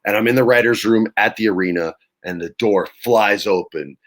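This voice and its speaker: A man in his forties, the guest of an interview, telling lively, laughing anecdotes in casual chat. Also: lowish voice, normal speed. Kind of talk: casual storytelling.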